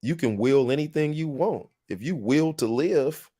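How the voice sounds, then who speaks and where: A man's voice: a little high, animated, moderate pace, warm tone. Earnest motivational man hosting a podcast. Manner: storytelling with emphatic repetition. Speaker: podcast host. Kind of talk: casual podcast monologue.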